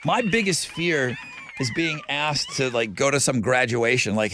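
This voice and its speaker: A man hosting a morning radio show, chatting in a lively, jokey way and laughing easily. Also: medium pitch, measured pace, noisy background. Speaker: radio host. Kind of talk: morning radio chat and live ad reads.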